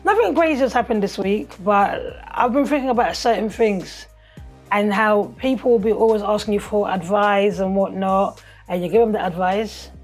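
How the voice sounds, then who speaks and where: A woman's voice: mid-range voice, normal speed, soft background music. Chatty woman co-hosting a talk show. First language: Lingala or French. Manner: chatty, laughs often, tags lines with "yeah". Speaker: podcast co-host. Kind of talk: casual chat.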